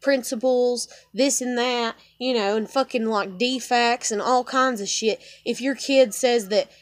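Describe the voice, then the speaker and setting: A woman's voice: a little high, a little slow, dry recording. A young woman venting in a heated, rambling, profane monologue. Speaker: vlogger.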